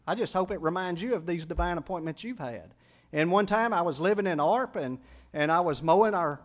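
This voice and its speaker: Guy with a high voice preaching, earnest storytelling sermon, acts out the quotes. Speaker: pastor.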